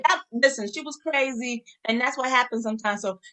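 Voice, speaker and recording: A woman from New York with a New York accent, hosting a podcast in lively, slangy casual chat. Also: on the high side, a little fast. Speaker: podcast host.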